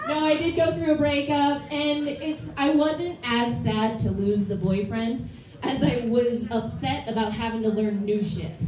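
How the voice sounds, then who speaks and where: Self-deprecating woman in her late twenties doing stand-up. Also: high-pitched. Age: late 20s. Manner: self-deprecating, confessional, blunt. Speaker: stand-up comedian. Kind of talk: stand-up comedy set. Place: comedy club stage with live audience. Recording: distant, roomy, noisy club recording.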